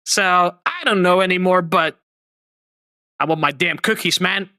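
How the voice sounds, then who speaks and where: A man hosting a livestream, reacting to clips with expressive, mock-outraged chatter. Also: sits high, unhurried, dry recording. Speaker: streamer host.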